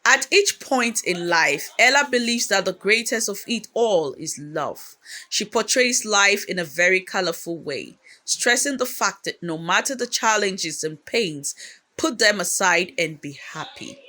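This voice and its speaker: A documentary narrator with a bright, crisp tone reads a script in a measured, steady way. The delivery sits in an ordinary middle pitch.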